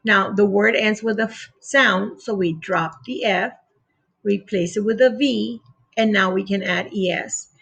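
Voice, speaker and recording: A woman leads a children's phonics lesson at an unhurried pace, sounding out each word one letter at a time. Her voice carries a gravelly fry with a husky edge, and she patiently repeats every rule. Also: medium pitch, a bit bright. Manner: spells words sound by sound with clear pauses. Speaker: teacher. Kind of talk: slow, deliberate phonics lesson for young children.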